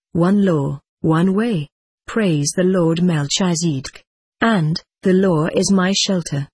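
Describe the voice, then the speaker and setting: A text-to-speech voice reading a first-person story as an audiobook narrator, measured and even, sometimes reading formatting marks aloud. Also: mid-range voice, breathy edge, dry recording.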